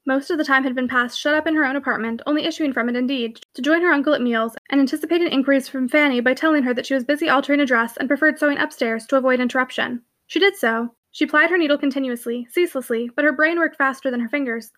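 Woman reader for a classic novel, high and quick, even narration. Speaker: audiobook reader. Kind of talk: reading a classic novel aloud.

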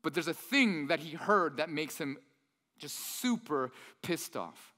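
Animated man preaching in a reverberant hall. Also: fairly high pitch, unhurried. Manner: animated storyteller, acts out quotes. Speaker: pastor. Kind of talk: sermon.

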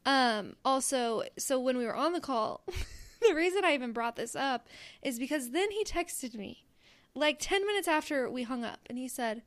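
High-voiced playful young woman. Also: lively intonation, normal speed. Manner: playful, laughing, trails off into whispers. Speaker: podcast co-host. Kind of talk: casual chat.

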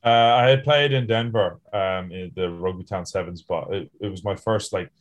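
A man co-hosting a casual podcast, telling rugby stories in a relaxed way with fillers and laughs. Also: sits low, moderate pace. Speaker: podcast co-host, rugby sevens player.

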